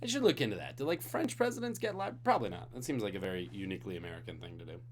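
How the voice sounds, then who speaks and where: A male trivia host on a live stream, reading questions in a lively, swooping voice. He sounds tired but keeps joking with the chat between questions. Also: lowish voice, very fast, a little hiss or hum.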